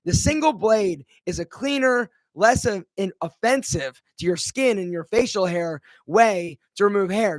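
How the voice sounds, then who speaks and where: A man's voice: high-pitched, no room sound, clean studio sound. A man, a brand founder, answering viewer questions in a casual live Q&A, chatty and full of fillers. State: a bit out of breath.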